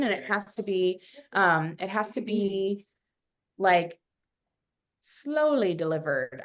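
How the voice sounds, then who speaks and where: Chatty woman giving advice on a video call. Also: mid-range voice. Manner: chatty, animated, acts out quotes with lots of fillers. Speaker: realtor panelist.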